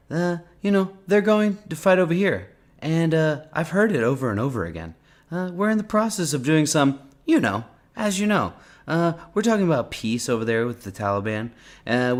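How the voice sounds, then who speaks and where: A blustery presidential impression, put on by a man, pitched well above his normal voice and pushed louder. He stumbles through repeated phrases and constant uhs. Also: very animated. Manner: halting, repetitive with many uhs.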